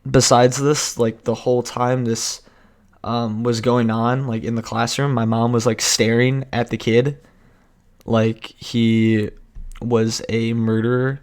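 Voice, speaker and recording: A man's voice: mid-range voice, little pitch movement, slow. A young man vlogging a casual storytime, rambling and cutting himself off, laughing often.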